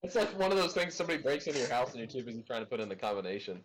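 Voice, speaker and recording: Quick, animated man telling stories. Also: medium pitch, a crowd in the background. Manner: fast anecdotes with acted quotes, swearing. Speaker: podcast co-host. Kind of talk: casual chat.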